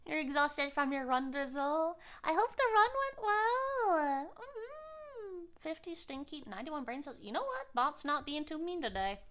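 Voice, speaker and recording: A woman's voice: sits high, sing-song, unhurried, a bit bright. A woman streamer chatting casually on a live stream, bubbly and giggly, cooing baby talk at her cats.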